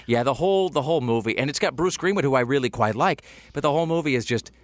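A man's voice: mid-range voice, lively intonation, fast, no echo. A man co-hosting a podcast in casual chat, rambling and joking. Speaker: podcast co-host.

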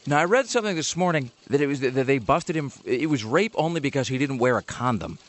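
A male radio host in loose on-air banter, talking quickly and rambling through fillers and restarts. He slips into animated little impressions as he goes. His pitch sits in an ordinary middle range.

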